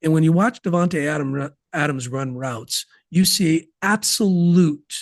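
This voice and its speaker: Emphatic, folksy male podcast guest; voice on the high side, dry recording. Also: a little slow, creaky, no echo. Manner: emphatic, folksy, sports analogies. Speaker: sales systems guest. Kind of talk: podcast interview.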